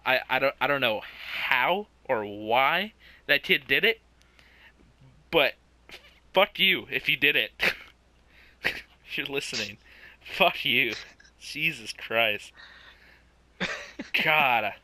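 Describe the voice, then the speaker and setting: A man's voice: mid-range voice, lively intonation, takes it slowly, long pauses, bright, forceful tone, no room sound. A young man co-hosting a podcast, telling a childhood story in casual chat, laughing often and swearing. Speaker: podcast co-host.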